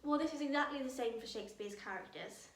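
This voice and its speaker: A woman's voice: high voice, quick pace. A young British woman leading a drama workshop, talking energetically and playfully to her young audience. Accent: British English. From Britain. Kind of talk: lively teaching to camera. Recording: echoey room.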